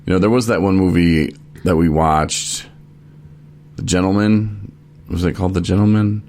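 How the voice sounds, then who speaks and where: A man with a low, gravelly voice hosts a casual podcast from a studio. He rambles along with lots of fillers and restarts. A faint hiss of noise sits under the voice. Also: steady tone, normal speed, a little mellow. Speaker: podcast host.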